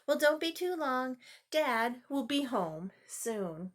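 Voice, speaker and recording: A woman's voice: high-pitched, sing-song, takes it slowly, full character voice. A woman doing a patient, amused mom. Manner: calling out, mildly surprised. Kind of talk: reading a picture book aloud.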